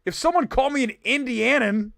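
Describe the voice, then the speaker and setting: A man from Ohio hosting a live film talk stream, ranting quickly with animated, mock-shouted asides. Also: extremely high pitch, vocal fry, no echo, studio quality. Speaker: livestream film show host. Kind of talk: animated livestream rant.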